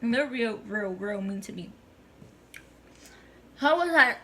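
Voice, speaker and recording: A woman's voice: fairly high pitch, normal speed, long pauses, bright, forceful tone. A young woman telling a casual storytime on her vlog, chatty, slangy and swearing freely. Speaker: vlogger.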